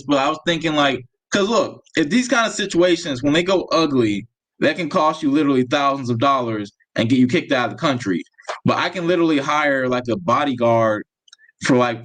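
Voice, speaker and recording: A man co-hosting a casual chat, relaxed and thinking aloud with fillers and restarts. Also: mid-range voice, poor audio.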